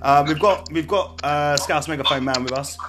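A man's voice: on the high side, moderate pace, over music. A man hosting a podcast in a casual, rambling way, restarting his sentences often and keeping the interview moving. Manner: chatty and rambling, many restarts. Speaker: podcast host.

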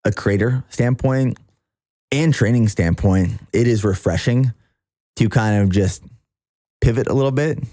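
A man's voice: fairly low pitch, a little slow, pauses often, mellow, no room sound, studio quality. A man hosting a podcast, talking in an easygoing, self-deprecating way in casual chat. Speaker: podcast host and athlete.

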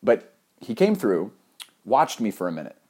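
A young man with a fairly low voice tells a comic story from his own life. He swears freely and pokes fun at himself, his delivery lively and loose. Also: normal speed, breathy edge. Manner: animated, profane, self-mocking, laughs often. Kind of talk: comedic personal anecdote.

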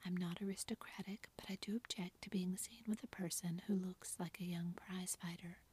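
A woman's voice: on the low side, flat delivery, darkish tone, slightly rough. A woman voicing a blunt, tomboyish young woman who lectures, in a whispered role-play. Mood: scolding. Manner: whispered, brisk and scolding.

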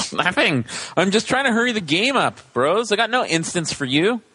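A man's voice: high voice, sing-song, moderate pace, bright, forceful tone, husky, no echo. A man co-hosting a card game podcast in casual chat, joking, teasing and swearing freely.

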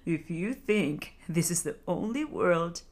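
Lady putting on a husky old turtle guy, wise and well-traveled, talks super slow in a bedtime story. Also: lowish voice, exaggerated voice. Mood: wistful. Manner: slow, gentle and calm.

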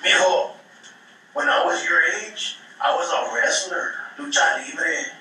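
A crude old father tosses off dirty one-liners in a deadpan way, as a man puts him on during a stand-up bit. The voice sits high and bright. It echoes through a roomy space, heard from far off the mic with a faint hiss behind. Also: slow pace, heavily acted. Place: small coffee-house stage. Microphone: stage mic.

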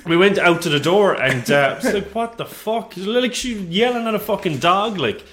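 Podcast co-host, male, lively profane storyteller, slightly high voice, roomy echo. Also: normal speed. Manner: animated storytelling, jumps high for quoted voices. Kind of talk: casual profane chat.

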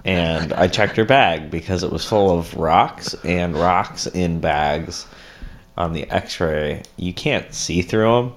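A man telling an anecdote in casual chat, animated and swearing freely. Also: low voice, slow, slight background noise.

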